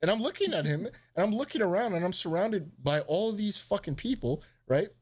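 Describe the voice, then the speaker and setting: A brisk-talking man, mid-way through a laid-back live stream, rambles through a long story. Animated and freely swearing, he jumps to a high voice to act out other people's lines.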